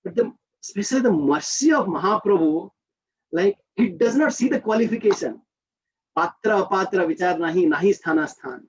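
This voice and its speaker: A man with an Indian accent leading a devotional group session, teaching in an animated, conversational way. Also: high voice, normal speed, breathy edge, muffled recording. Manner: animated, leans on conversational tags and checks in with listeners. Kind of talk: informal spiritual teaching talk.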